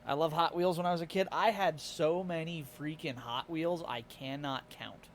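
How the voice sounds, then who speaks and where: A man's voice: on the high side, steady tone, normal speed, a little hiss or hum. A tired man with a Midwestern American accent, chatting casually and laughing often as he streams live to his chat. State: a little tired.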